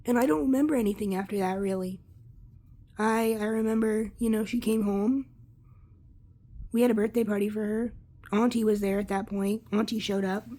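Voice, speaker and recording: A young woman candidly recounting a personal story in a halting, casual way, swearing freely. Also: medium pitch, steady tone, warm tone. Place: Lancaster area.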